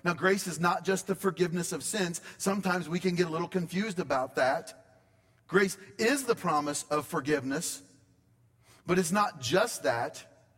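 A man delivers a sermon in a church sanctuary, speaking conversationally and leaning on dramatic pauses. His voice sits a bit high for a man. A long reverb trails after each phrase. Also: fairly bright tone. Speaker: pastor.

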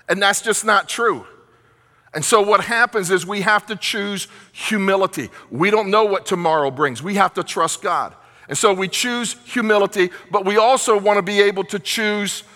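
A man's voice: sits high, bright, forceful tone, big-room sound. A man preaching a sermon as pastor, earnest and repetitive, asking rhetorical questions.

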